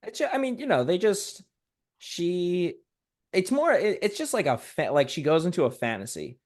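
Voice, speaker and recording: A man's voice: sits high, big pitch swings, moderate pace. A male comedian guest in casual podcast chat, rambling and hedging as he riffs.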